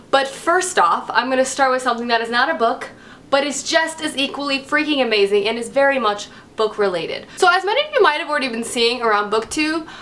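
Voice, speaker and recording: A young woman talking casually in a book vlog, gushing and excitable. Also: a little high. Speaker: book vlogger. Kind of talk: casual chat.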